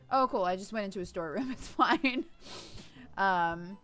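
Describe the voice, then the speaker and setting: A woman's voice: medium pitch, unhurried, fairly bright tone, soft background music. A woman hosting a let's play with chatty, rambling casual commentary, full of fillers.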